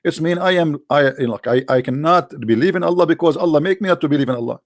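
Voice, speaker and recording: A man hosting sarcastic religious commentary, mocking and repetitive, in halting non-native English. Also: on the high side, no room sound, studio quality. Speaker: religious debate host.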